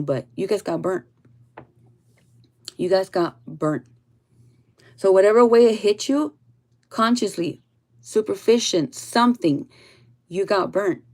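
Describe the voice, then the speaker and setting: A woman talks straight to her viewers in a casual spiritual reading. She is blunt and swears freely, with her voice sitting at a middle pitch. Her lines often drift down into soft, low asides. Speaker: tarot reader.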